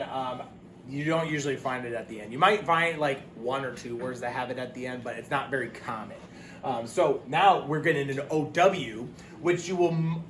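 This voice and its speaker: A man teaching a phonics lesson, patiently drilling words and praising the class, with frequent ums. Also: on the high side. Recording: echoey room with loud background hiss.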